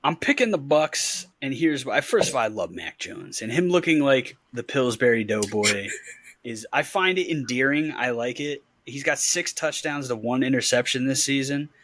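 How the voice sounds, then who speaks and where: A man's voice: medium pitch, animated, normal speed, fairly bright tone. A man co-hosting a casual sports podcast, easygoing and rambling as he gives his picks. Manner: easygoing, rambling, laughs often. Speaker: podcast co-host.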